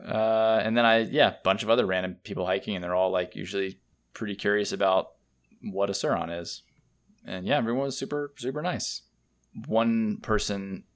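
Low-voiced, laid-back man. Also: steady tone, fairly quick, a bit bright. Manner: laid-back storytelling, quotes people he met. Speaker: podcast co-host. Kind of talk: casual chat.

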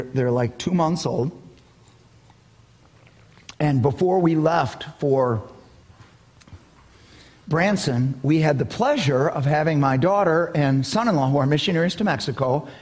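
An older man preaching a sermon as pastor, telling stories with emphatic bursts. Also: on the high side. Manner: animated storytelling, emphatic bursts. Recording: long hall reverb.

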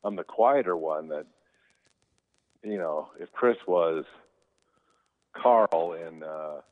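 Man, actor, interview guest, very low voice, rambling casual stories, tinny lo-fi line. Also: slow pace. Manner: easygoing, rambling, lots of fillers. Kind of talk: casual anecdote telling. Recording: tinny phone-like sound.

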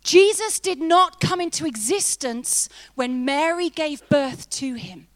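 Woman preacher, high voice, chatty and emphatic sermon delivery. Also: expressive, slow pace. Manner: chatty, humorous, laughs often, emphatic. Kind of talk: sermon with personal story.

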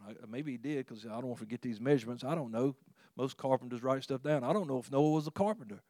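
A man preaching a sermon in a conversational, earnest way, with frequent restarts and sudden rises in pitch and volume. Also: a little mellow, no room sound, studio quality. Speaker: pastor.

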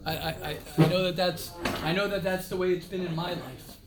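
A man's voice: high voice, steady tone, fairly quick, noisy background. A man giving an informal, emphatic talk to yeshiva students, repeating phrases and mixing in Hebrew and Yiddish words.

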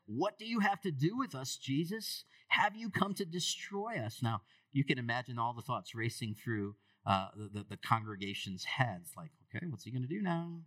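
Pastor, man, 30s, animated sermon delivery, mid-pitched, recorded from a distance. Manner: earnest, animated preaching with rhetorical questions.

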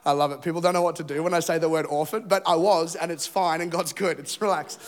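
A man in his thirties from England preaching a sermon as a lively, joking story, acting out scenes and voices. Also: a little high, fast. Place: church stage.

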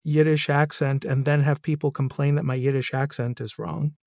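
A man's voice: a little high, flat delivery, normal speed, vocal fry, darkish tone, no echo, studio quality. A man hosting a podcast interview, a narrator himself, talking questions through thoughtfully with light laughs. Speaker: podcast host and audiobook narrator.

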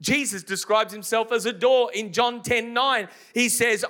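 A man's voice: extremely high pitch, fairly even intonation, measured pace, pushed and bright. A man preaching a sermon to a congregation, emphatic and often putting questions to the listeners. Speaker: pastor. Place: church service before a congregation.

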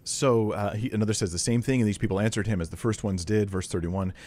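Man, lower voice, relaxed Bible teacher reading scripture with punchy conversational asides. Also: fast. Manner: reads scripture aloud with casual asides, animated and emphatic; clears throat often. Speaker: Bible teacher critiquing a preacher.

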